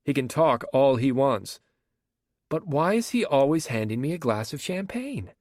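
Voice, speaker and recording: A man's voice: mid-range voice, very animated, normal speed, darkish tone, no echo, clean studio sound, pitched above the performer's own voice. A man voicing a frank, teasing young woman.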